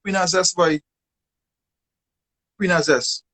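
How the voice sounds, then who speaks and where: High-voiced co-host. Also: male voice, fairly even intonation, slow, pushed and bright. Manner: eager interjections, repeats himself. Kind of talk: casual live chat.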